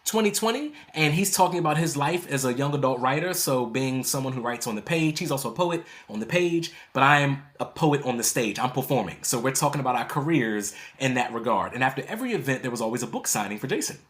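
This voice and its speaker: A man's voice: mid-range voice, lively intonation, fast, few pauses, a bit bright. A man in his thirties, a poet and author, telling a story in conversation, acting out quotes and laughing often.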